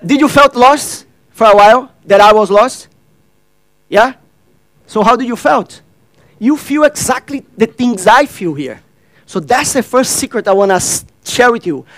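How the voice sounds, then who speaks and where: Man giving a workshop talk, very high voice, dry close sound, asks the crowd questions. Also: lively intonation, unhurried, a bit bright, no echo, low-quality recording. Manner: addresses and questions the audience, acts out dialogue; non-native grammar, repeats phrases. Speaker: workshop speaker. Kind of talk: interactive stage talk.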